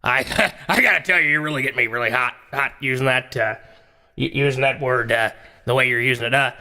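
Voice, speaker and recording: A man's voice: medium pitch, fairly quick, sharp tone. A man voicing a blustering Texan talk-show host who rambles with many fillers, in an echoey hall. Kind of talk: comedy sketch role-play.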